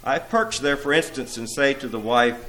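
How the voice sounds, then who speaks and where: A man's voice: mid-range voice, expressive, moderate pace, sharp tone, soft background music, pitched above the performer's own voice, poor audio. A man voicing a sneering, boastful male demon.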